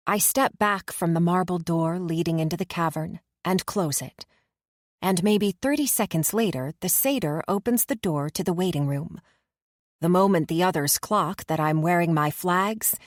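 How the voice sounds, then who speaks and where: Woman reading an audiobook, lowish voice, super dry close studio sound, measured. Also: no room sound. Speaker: audiobook narrator. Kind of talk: first-person audiobook narration.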